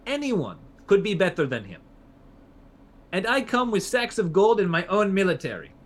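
Man putting on a wheedling conqueror pitching himself to nobles, put-on accent, sing-song delivery. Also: sing-song, normal speed. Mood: coaxing. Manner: coaxing, mock-accented pitch. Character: smooth-talking male conqueror bribing nobles.

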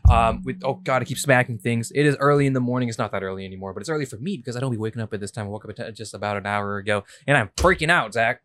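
Young dude cohosting a podcast, tired, rambly, swears a lot, casual. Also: male voice, medium pitch, racing, hardly any pauses, fairly bright tone. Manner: rambling, profane and playful. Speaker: podcast co-host. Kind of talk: casual chat.

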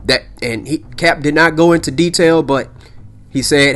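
A man's voice: on the high side, normal speed, fairly bright tone. A man hosting a solo podcast, talking casually and emphatically, repeating himself and checking in with "okay?" and "all right?". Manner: rambling, peppers lines with "okay?" and "all right?". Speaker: podcast host.

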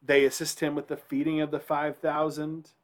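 A man's voice: fairly high pitch, completely flat delivery, normal speed. Man preaching a conversational sermon. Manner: conversational preaching, frequent "right?" to the congregation. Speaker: pastor.

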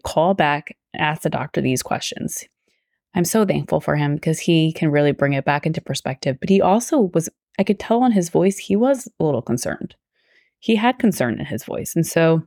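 Earnest woman, low voice, dry sound. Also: a little mellow, dry recording. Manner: earnest, tangent-prone, quotes herself aloud. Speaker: podcast host; teacher. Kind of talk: personal faith podcast storytelling.

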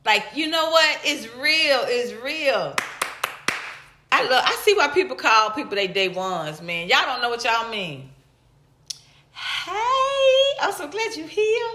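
Woman host, bright and fairly high voice, casual live-stream commentary in an echoey room. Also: unhurried, slight background noise. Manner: animated, greets viewers in high excited bursts.

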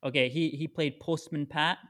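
A man's voice: on the high side, steady tone, moderate pace, fairly bright tone. A Scottish man, a stand-up comedian, answering interview questions in casual chat, with many fillers and restarts. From Scotland. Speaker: stand-up comedian, podcast guest.

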